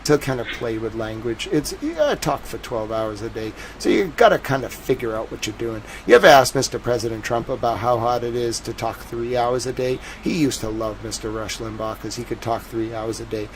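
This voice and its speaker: Man, boston accent, live streamer, soft drawl, swooping intonation, mid pitch, faint background hiss. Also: steady tone, brisk, few pauses, low-quality recording. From New England. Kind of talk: casual livestream chat.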